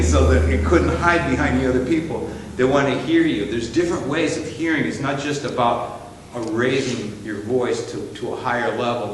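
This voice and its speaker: A man's voice: medium pitch, a little hiss or hum. A man presenting a live seminar to a music ministry team, talking in a folksy, storytelling way with many fillers and restarts. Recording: roomy live hall recording with reverb.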